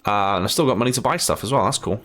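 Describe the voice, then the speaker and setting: Deep Scottish man chatting through a game. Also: lively intonation, rapid-fire, a bit bright. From Scotland. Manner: chatty, laughs often, thinks aloud. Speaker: gaming streamer. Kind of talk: casual gameplay commentary.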